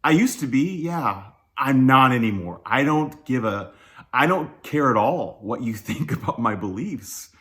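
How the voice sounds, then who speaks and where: A man's voice: medium pitch, animated, measured pace, a bit bright. A man giving a casual, conversational sermon, candid and self-deprecating, chuckling often and talking loosely with fillers and restarts. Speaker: church speaker.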